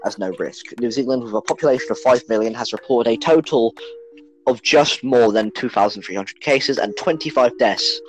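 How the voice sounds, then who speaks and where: A man's voice: medium pitch, normal speed, poor audio. Young guy podcast cohost, jokey, swears a lot, medium voice, bit of music behind. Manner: joking, swears freely. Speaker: podcast co-host. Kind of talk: casual chat, reading a news report aloud.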